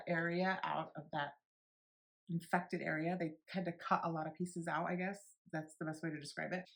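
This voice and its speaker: Blunt, lower-voiced woman telling a story. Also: gravelly. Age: 40s. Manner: blunt, animated, swears freely, acts out others' lines. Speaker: beauty vlogger. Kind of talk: candid personal storytelling.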